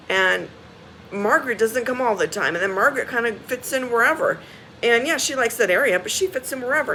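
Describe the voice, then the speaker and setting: Bright-voiced woman ranting bluntly. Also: on the high side, a little hiss or hum, rough recording. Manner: exasperated, blunt and profane; emphatic, repeats key phrases. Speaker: vlogger. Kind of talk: casual ranting storytelling.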